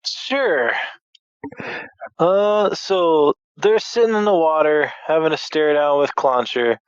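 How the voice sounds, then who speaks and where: A man's voice: on the high side, takes it slowly, clear, resonant tone, dry recording. Male podcast guest, laid-back joker, dry muffled mic. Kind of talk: casual podcast chat.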